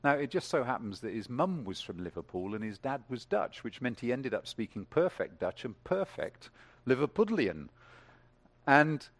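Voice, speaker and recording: A man preaching a sermon to a congregation, talking in a lively way, building to emphatic peaks and asking the room questions. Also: medium pitch.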